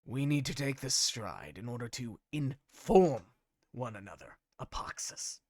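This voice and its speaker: A man's voice: medium pitch, sing-song, a little slow, a little mellow, dry recording, studio quality. A man voicing a bird-folk council member, prim and formal, with a slightly haughty manner. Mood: reproachful.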